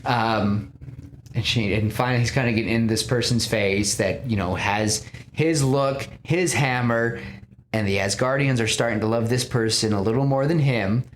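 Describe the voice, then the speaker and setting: A man's voice: medium pitch, normal speed, slight background noise. A man hosting a podcast, casually retelling a film scene by scene with lots of restarts and quoted lines. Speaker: podcast host pitching a film.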